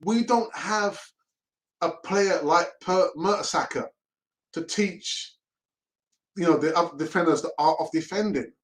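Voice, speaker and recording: Brief: middle-aged man, fan-channel host, loose and chatty, a little higher-pitched than most men, laughs easily. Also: unhurried, long pauses, rough recording. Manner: chatty and laughing, often repeats himself. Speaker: host of a fan live stream. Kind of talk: casual live-stream chat.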